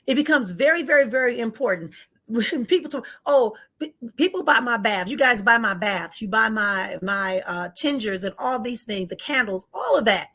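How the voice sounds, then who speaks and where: A woman with a somewhat high voice leads a live spiritual teaching. She talks directly and informally to her listeners, driving home her points by repeating them. She gets heated and quickens her pace as she goes. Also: animated, bright, forceful tone. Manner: emphatic, repeats key phrases.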